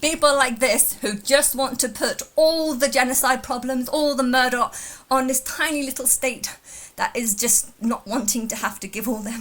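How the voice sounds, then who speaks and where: A woman's voice: fairly high pitch, a bit bright. A woman from England talking casually in a reaction vlog, rambling with frequent restarts and repeated words. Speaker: vlogger reacting to a video.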